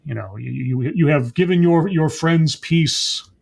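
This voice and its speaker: A man voicing an older male mentor figure with a hushed, solemn, mock-comforting tone. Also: on the high side, unhurried, gravelly, husky, voice pushed down, heavily acted.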